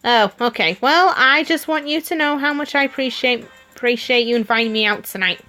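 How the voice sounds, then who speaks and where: A woman's voice: on the high side, a little fast, sharp tone. A woman streamer reading a story game aloud, giggling and adding her own comments between the lines. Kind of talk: reading game dialogue aloud with playful voices.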